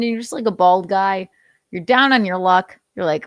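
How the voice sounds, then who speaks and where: A woman's voice: mid-range voice, normal speed, dry recording, clean studio sound. A young adult woman hosting a casual live stream, reading news aloud with frequent laughs and some swearing. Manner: giggly, profane, chatty. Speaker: host.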